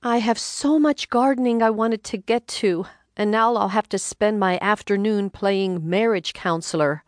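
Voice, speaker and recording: A woman voicing a wry, sharp-tongued older mother who speaks sarcastically in a raised, exclaiming voice. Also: mid-range voice, moderate pace, dry recording, studio quality, pitched above the performer's own voice, lightly acted. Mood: sarcastic.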